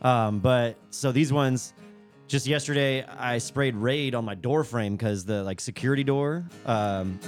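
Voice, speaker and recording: A man's voice: mid-range voice, a little slow, soft background music. A man co-hosting a podcast, telling a story casually with swearing and laughs. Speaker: podcast co-host.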